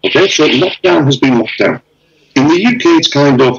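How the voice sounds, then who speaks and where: A man talking casually over a video call, spinning animated anecdotes and putting on the voices of the people in them. His voice sits a little high and swoops all over, with a gravelly edge. The call audio is dull and lo-fi. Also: normal speed. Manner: animated storyteller, acts out dialogue. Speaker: interviewee.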